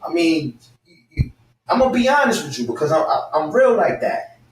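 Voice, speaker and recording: A man, around forty, rants with heat and a lively, swinging pitch, at times breaking into shouts. He sounds set back from the mic in a roomy, echoey space with faint hiss behind him. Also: brisk, far from the mic. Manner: animated, fired-up, repeats his target's name, bursts into shouting. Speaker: guest. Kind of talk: heated callout rant and storytelling.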